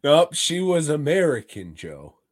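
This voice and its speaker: A man's voice: on the high side, wildly swooping pitch, a little slow, dry recording. A man co-hosting a casual podcast, making sardonic, profane remarks. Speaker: podcast co-host.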